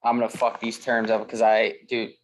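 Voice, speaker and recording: A man's voice: fairly low pitch, completely flat delivery, normal speed, a little hiss or hum. A man in casual podcast chat, swearing freely and rambling with fillers as he tells a story. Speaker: podcast co-host.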